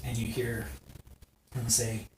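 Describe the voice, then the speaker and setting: Slow-talking game master in a noisy room. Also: medium pitch, little pitch movement. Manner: unhurried narration with frequent "um". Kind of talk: narrating a tabletop game. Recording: roomy, distant, noisy live stream.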